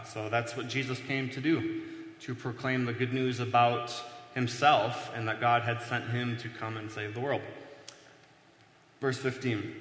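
A man with a bright, forceful voice preaches in a relaxed, chatty way, pausing on "uh" and "um" and poking fun at himself. His words ring through a large church hall, and the long reverb trails behind each phrase. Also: medium pitch. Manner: conversational, self-deprecating, many fillers. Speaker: pastor. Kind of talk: casual sermon teaching at a whiteboard.

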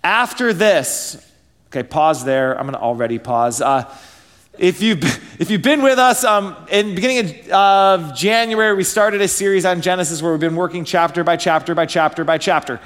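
A male pastor in his thirties with a fairly high voice preaches in a loose, conversational way. He keeps asking rhetorical questions and pads his talk with ums and likes. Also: moderate pace, fairly bright tone. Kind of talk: sermon.

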